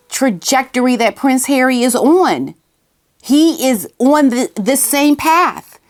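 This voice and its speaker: Woman vlogger, casual commentary, slightly high-pitched, emphatic and repetitive. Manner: emphatic, repeats key phrases, talks aside to someone off camera.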